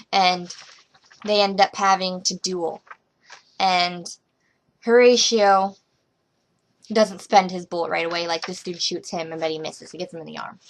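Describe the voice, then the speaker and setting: A woman's voice: mid-range voice, slight background noise. Rambling young woman vlogging casually. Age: young adult. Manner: rambling, with many fillers and restarts, trailing off quietly.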